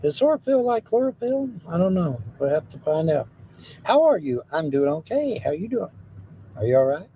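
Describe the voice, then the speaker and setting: A man's voice: on the high side, sing-song, normal speed, warm tone, slight background noise, poor audio. A man hosting a livestream, joking playfully with his viewers and drifting into bits of song. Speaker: livestream host and singer. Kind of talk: casual chat with live viewers.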